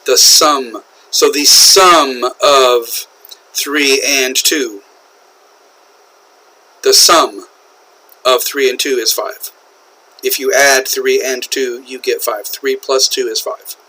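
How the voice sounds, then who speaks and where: Slow, bright-voiced American male teacher. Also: mid-range voice, steady tone, low-quality recording. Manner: slow, repetitive explaining with frequent "okay?" checks. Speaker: English teacher. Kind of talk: classroom lecture on English usage.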